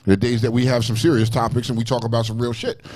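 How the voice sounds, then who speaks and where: New york guy co-hosting, talks real fast, cussing, restarting all the time. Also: mid-range voice. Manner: profane, animated storytelling with many restarts. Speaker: co-host. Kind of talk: casual podcast chat.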